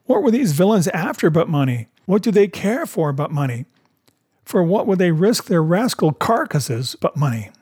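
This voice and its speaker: A man voicing a hot-headed, exclamatory gentleman squire in a storybook reading, with a husky voice. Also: high-pitched, big pitch swings, normal speed, voice pushed up, exaggerated voice. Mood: excited. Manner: exclamatory, boastful. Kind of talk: audiobook character voice.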